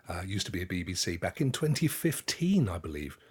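A man from the UK hosts a relaxed gaming podcast, rambling and joking with his co-hosts. His voice is a little husky and swings widely in pitch. He chuckles often. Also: fairly quick. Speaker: podcast host. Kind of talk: casual gaming chat.

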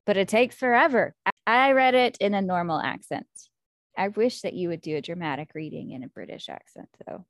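An American woman hosting a casual book-club chat, talking in a chatty, animated way with lots of fillers. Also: on the low side, a little fast, dry recording, clean studio sound.

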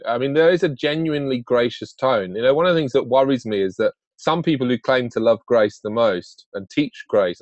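A man's voice: medium pitch, no echo. Friendly man host, dull dry sound. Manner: friendly, appreciative, many "you know" fillers. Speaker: interviewer, podcast host. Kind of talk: conversational interview.

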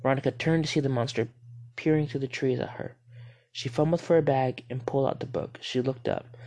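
Male horror-story narrator, steady delivery, occasional slips. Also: mid-range voice, a little fast. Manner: steady, with small stumbles and self-corrections.

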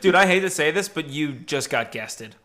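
A young man co-hosting a podcast, joking and swearing in quick casual banter. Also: a little high, lively intonation, crowd noise. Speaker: podcast co-host.

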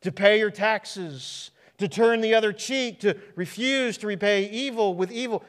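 In a large church sanctuary with a long echo, a Midwestern American pastor delivers a sermon to his congregation. His voice sits fairly high, its pitch swinging widely as he moves through restarts and rhetorical questions.

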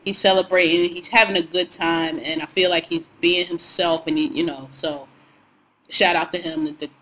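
A woman's voice: fairly low pitch, steady tone, moderate pace, a bit bright, a little hiss or hum, poor audio. Outspoken young woman ranting casually. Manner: outspoken, ranting, slangy and profane. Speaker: podcast co-host. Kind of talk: casual podcast chat.

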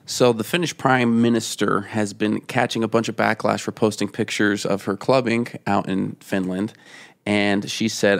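A man's voice: on the low side, steady tone, moderate pace, creaky. A man co-hosting a podcast, recapping a news item in a matter-of-fact, casual way. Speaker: podcast co-host.

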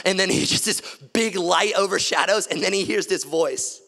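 A man's voice: fairly high pitch, fast, few pauses. Man preaching in an echoing hall. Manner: dramatic, swings from loud emphasis to hushed near-whisper. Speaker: pastor. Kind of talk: sermon.

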